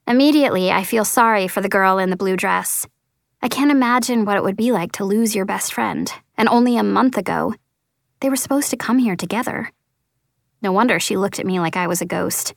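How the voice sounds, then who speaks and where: A woman's voice: mid-range voice, a little fast, creaky, no echo, clean studio sound. A woman reading a first-person story as an audiobook narrator, earnest and lightly voicing the dialogue.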